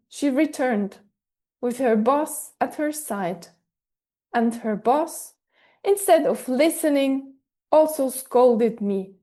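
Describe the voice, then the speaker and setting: A woman podcaster narrating a personal story in a measured, scripted way. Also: fairly high pitch, darkish tone. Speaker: podcast host and author.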